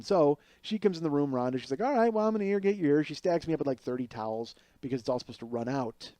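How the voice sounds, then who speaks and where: Dark-voiced man telling a comic story. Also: fairly high pitch, dry recording. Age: middle-aged. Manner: animated, acts out other people's voices. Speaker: podcast host.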